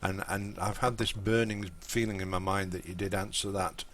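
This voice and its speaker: Chatty English man, lowish voice. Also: steady tone, moderate pace, fairly bright tone, slight background noise. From Lincolnshire, England. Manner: rambling, chatty, talks to viewers in chat. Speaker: game streamer. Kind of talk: casual live-stream commentary.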